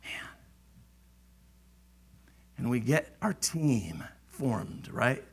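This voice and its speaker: A middle-aged man preaching a sermon, animated and acting out the voices of churchgoers. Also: medium pitch, extremely slow, slightly rough.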